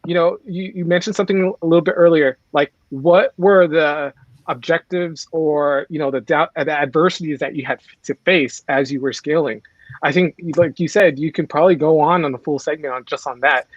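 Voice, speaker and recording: A man's voice: fairly high pitch, moderate pace, no room sound. A man hosting a casual video call, upbeat and full of fillers. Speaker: host. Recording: dry dull call audio.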